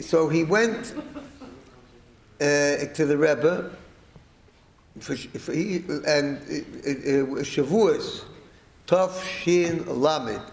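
A middle-aged man spins a long, rambling family anecdote and acts out what people said. His voice sits a little higher than most men's. The sound carries a roomy echo. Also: vocal fry. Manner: rambling, animated, acts out quoted speech and chanting. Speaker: storyteller. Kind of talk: telling a family anecdote to listeners.

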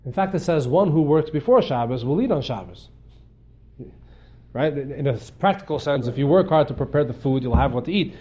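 Male teacher giving a class, warm mellow voice, a touch higher-pitched, animated and repetitive. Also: a little fast, breathy edge. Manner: animated, repeats words while searching for phrasing. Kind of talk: storytelling lecture.

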